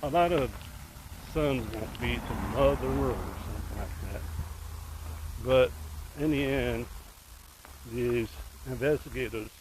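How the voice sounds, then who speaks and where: Man, casual storytelling, slow unhurried delivery, mid-range voice, rambling asides, emotionally invested. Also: mid-range voice, noisy background. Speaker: vlogger retelling a true crime case.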